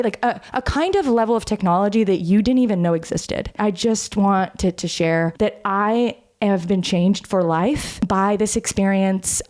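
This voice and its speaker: A woman in her thirties hosts her own show, telling a story in an animated, chatty way and addressing her listeners directly. She speaks at a medium pitch, recorded at home while sitting in a bathtub. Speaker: podcast host. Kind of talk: casual solo storytelling.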